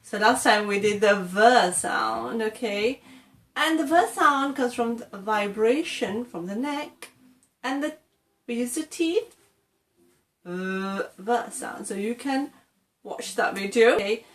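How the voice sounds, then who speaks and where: A woman from England gives an encouraging English pronunciation tutorial, demonstrating sounds and often checking in with "okay." Her voice is on the high side with lively intonation, she takes it slowly, and the sound is reverberant.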